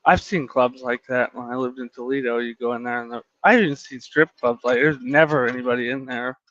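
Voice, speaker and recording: American male host, relaxed chatter, dry close lo-fi audio. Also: mid-range voice, brisk, no room sound. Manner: easygoing, laughs along. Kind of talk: casual chat.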